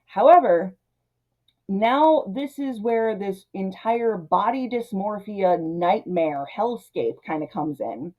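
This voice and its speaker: A woman hosting a casual film recap, chatty and animated, acting out the characters' lines in her own voice. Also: medium pitch, takes it slowly, highs cut off. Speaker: video essay host.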